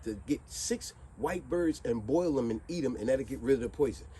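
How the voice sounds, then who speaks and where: A man voicing a sly male bird who calmly gives crafty advice. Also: normal speed, a little hiss or hum, close to an everyday voice. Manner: calm, low, advising.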